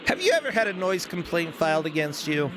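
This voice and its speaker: A man's voice: fairly high pitch, sing-song, fast talker, background noise. A man commentating a live video game race in a casual, chatty, joking way. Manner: chatty, laughs easily, joking.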